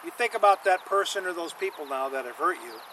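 A man's voice: high voice, animated, quick pace, noisy background. A man preaching a sermon, emphatic, repeating lines for stress and calling on the congregation to say them with him. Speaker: pastor.

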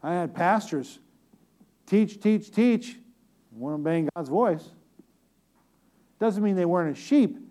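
A man's voice: sits high, expressive, slow pace, pauses often, dark tone. A man preaching a conversational sermon, talking directly to the congregation with repeated phrases and joking asides.

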